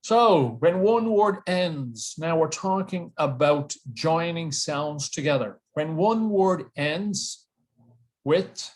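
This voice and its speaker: A man's voice: fairly high pitch, lively intonation, slow. A man teaching an online English lesson to a webcam, playful and jokey, repeating words for drilling.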